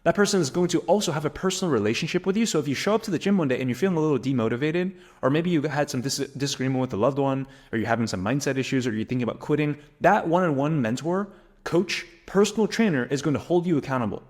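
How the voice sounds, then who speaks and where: A man in his twenties giving an emphatic, energetic motivational business lesson to camera, full of rhetorical questions. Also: on the high side, fast. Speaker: business coach.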